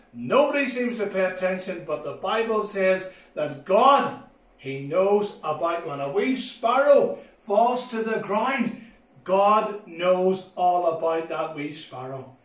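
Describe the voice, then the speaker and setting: A high-voiced man preaches to children in an animated way. He swings between loud, bright exclamations and soft, low asides. The voice sounds echoey and a little distant, as if the mic is across the room. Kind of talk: children's sermon.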